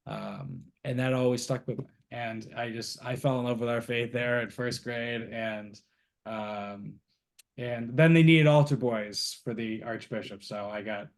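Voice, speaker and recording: A young man from Boston, a guest on an interview show, telling stories casually with frequent fillers and chuckles. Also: mid-range voice. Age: young adult. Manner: relaxed storyteller, chuckles often, many fillers. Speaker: guest, university co-founder.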